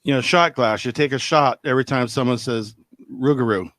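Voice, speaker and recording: A man co-hosting a podcast in casual chat, wisecracking and animated. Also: mid-range voice, fairly quick, no room sound. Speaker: podcast co-host.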